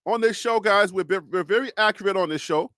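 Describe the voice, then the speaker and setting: A man hosting a live sports talk show, speaking in a calm, reassuring, preacher-like cadence and often repeating and restarting phrases. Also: sits high, fairly quick, no room sound, clean studio sound.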